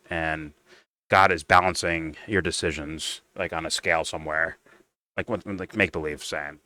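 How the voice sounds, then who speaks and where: Bright, dry-voiced man riffing casually. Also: low-pitched, steady tone, moderate pace, no room sound. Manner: rambling, profane, mocking asides. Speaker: stream host. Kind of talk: casual reaction commentary.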